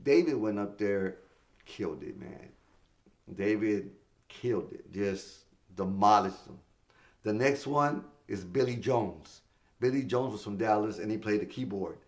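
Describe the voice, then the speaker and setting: Lively middle-aged man telling stage stories. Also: on the low side, unhurried. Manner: animated, acts out quoted voices, swears freely. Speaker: stand-up comedian guest. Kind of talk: casual storytelling in a podcast interview.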